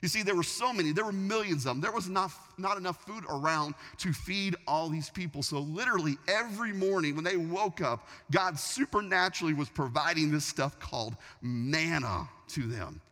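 A man preaching a sermon, telling a story in an animated way, often restarting his sentences. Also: on the high side, moderate pace, few pauses. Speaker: pastor. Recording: long reverb of a large hall.

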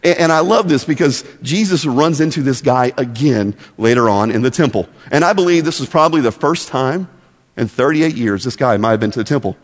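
A man teaching a Bible lesson as a story, animated and often repeating words as he starts. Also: medium pitch, a little fast. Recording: long echoey hall reverb.

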